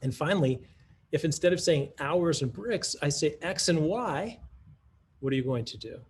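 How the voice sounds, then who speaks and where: A man's voice: a little high, lively intonation, normal speed, a little hiss or hum. A man giving a conference talk that models a math lesson, in a teacherly way, thinking aloud with restarts and rhetorical questions. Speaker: math curriculum presenter.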